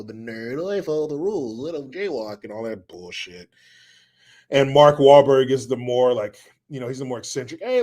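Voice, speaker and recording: A man hosting a casual livestream, reading viewer comments aloud and ranting with profanity and sarcasm. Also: mid-range voice. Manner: profane, sarcastic, mocking impressions. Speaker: livestream host reading chat.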